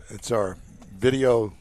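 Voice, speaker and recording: A man's voice: medium pitch, a little mellow. A man in his sixties hosting a casual live show at an outdoor car show, joking and rambling between announcements. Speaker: show host.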